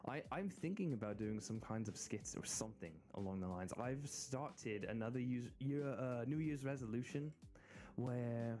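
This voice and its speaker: An American man talks casually to his stream in a mellow, relaxed voice. He rambles, restarts his sentences and giggles often. Quiet music plays faintly in the background. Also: medium pitch, moderate pace. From United States. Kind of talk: casual live-stream chat.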